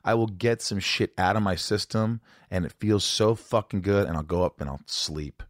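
A man's voice: fairly low pitch, normal speed, no echo, studio quality. A man hosting a candid conversation, talking openly and emotionally, swearing freely. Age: older.

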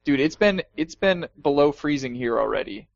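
A man's voice: a little high, lively intonation, moderate pace, vocal fry, no echo, dull audio. A man co-hosting a gaming podcast, casual and joking, with many fillers. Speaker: podcast co-host. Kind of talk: casual chat.

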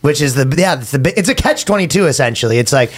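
A man's voice: mid-range voice, animated, quick pace. A man co-hosting a comedy podcast, animatedly retelling a story and acting out quotes with swearing. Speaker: podcast co-host. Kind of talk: casual comedic chat.

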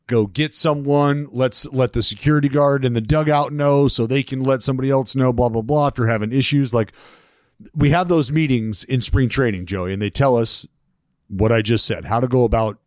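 A man co-hosting a casual baseball podcast who is also a player. He talks in an animated, profane way and laughs often. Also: mid-range voice, no room sound, clean studio sound. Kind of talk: casual sports chat.

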